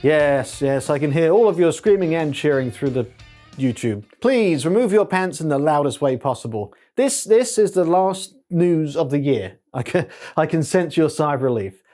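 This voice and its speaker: A man's voice: fairly high pitch, lively intonation, moderate pace, mellow, faint music behind. A man hosting a satirical comedy tech news show, talking sarcastically and mocking his subject. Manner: sarcastic, mocking, with many put-on silly voices.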